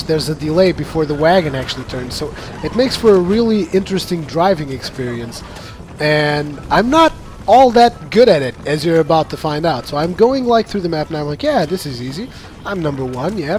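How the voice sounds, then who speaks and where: A man giving casual commentary over his own gameplay footage, chatty and quick to laugh as he acts out his own reactions. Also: fairly high pitch, lively intonation, darkish tone, a little hiss or hum.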